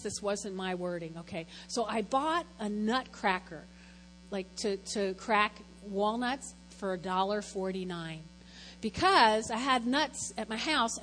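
A woman's voice: mid-range voice, a bit bright, in a large hall, poor audio. A woman, a lay speaker, giving a chatty, rambling, self-deprecating testimony talk at church.

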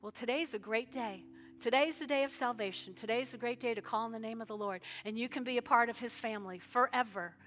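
A woman's voice: fairly high pitch, quick pace, a little hiss or hum. A woman pastor, giving a folksy altar call and leading the congregation in prayer. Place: church sanctuary. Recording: live church sanctuary with long reverb and soft music.

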